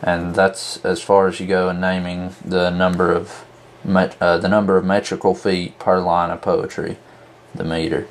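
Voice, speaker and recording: A man teaching a lesson, explaining slowly and methodically, counting out examples as he points to a board. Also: sits low, little pitch movement, slight background noise. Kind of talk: explaining at a whiteboard.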